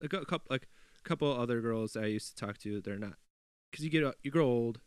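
A man's voice: medium pitch, a little fast, clean tone, no echo, studio quality. A man in casual chat, swearing freely, laughing a lot and telling stories animatedly.

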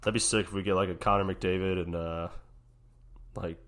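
A laid-back man with a lowish voice who talks sports in loose, profane podcast chat. He keeps tossing in "dude" and "like" between thoughts. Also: steady tone, normal speed, fairly bright tone. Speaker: podcast co-host. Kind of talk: casual chat.

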